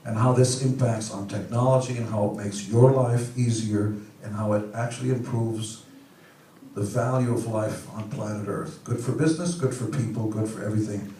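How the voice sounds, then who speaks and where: Man in his 60s, conference speaker, joking and playful, loud emphatic bursts, booming echo, heard from across the room. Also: a little hiss or hum. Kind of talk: humorous speech to an audience. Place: large hall with an audience. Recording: echoey hall from far off.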